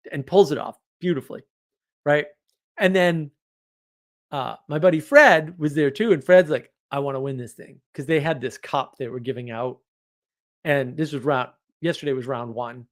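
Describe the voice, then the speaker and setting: A man casually telling a story from his week, animated, laughing often and restarting his sentences. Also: mid-range voice, vocal fry. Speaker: podcast host.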